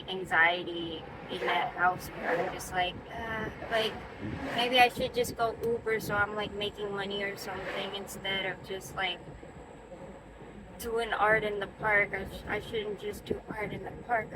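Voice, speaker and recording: A woman's voice: medium pitch, background noise. A young woman vlogging in a loose, rambling way, chatty and easygoing, with lots of fillers, restarts and the odd curse word. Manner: swearing, easygoing. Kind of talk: casual rambling vlog.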